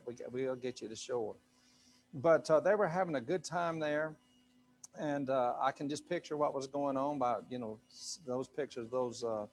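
A male pastor preaching to a live congregation in a loose, conversational way, full of fillers and asides. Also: medium pitch. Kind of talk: sermon. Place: church sanctuary with a live congregation.

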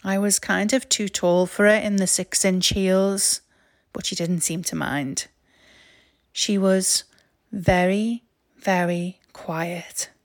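A woman with a Liverpool accent, reading her own memoir stories aloud in a wry, self-mocking, expressive way. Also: medium pitch, unhurried, dry recording, clean studio sound. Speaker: author and narrator. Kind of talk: memoir storytelling, read aloud.

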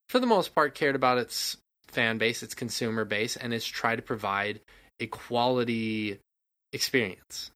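A man's voice: medium pitch, fairly bright tone. A man co-hosting a casual gaming podcast, speaking in an emphatic, opinionated rant. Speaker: podcast co-host.

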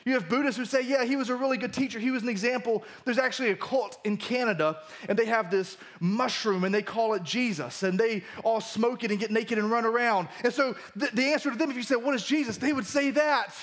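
A man's voice: very high-pitched, brisk, few pauses, fairly bright tone. A man preaching a sermon as pastor at a church service, reading scripture and explaining it in a conversational, emphatic way.

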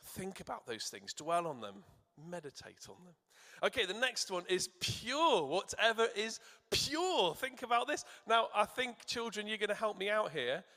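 Man, preacher, sermon in a church, encouraging, asks children questions, bright voice, long reverb. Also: high voice, big pitch swings, normal speed. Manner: encouraging, asks the audience to shout answers. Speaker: church speaker.

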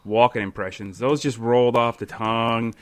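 A man's voice: mid-range voice, fairly even intonation, normal speed. A man co-hosting a gaming podcast, chatting casually and teasing his friends. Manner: playful, teasing. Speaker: podcast co-host. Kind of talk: casual chat.

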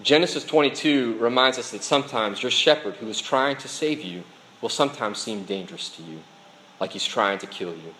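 A man's voice: medium pitch, animated, brisk, bright, forceful tone, slight background noise, low-quality recording. A man preaching a sermon, speaking earnestly to his congregation. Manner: earnest preaching, reads a dialogue aloud with voices. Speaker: pastor.

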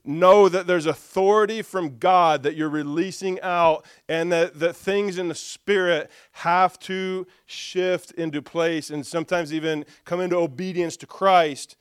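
A man with a slightly high, smooth and resonant voice preaches in a lively storytelling style. He acts out conversations, slips in jokes and addresses his listeners directly. The sound is dry and close. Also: a little slow, hardly any pauses, dry recording. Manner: lively storyteller who acts out dialogue with humor. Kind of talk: storytelling sermon.

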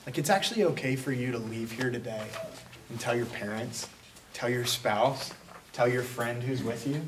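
A pastor preaching a conversational sermon, breaking into quick acted asides. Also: male voice, mid-range voice, recorded from a distance, a little hiss or hum.

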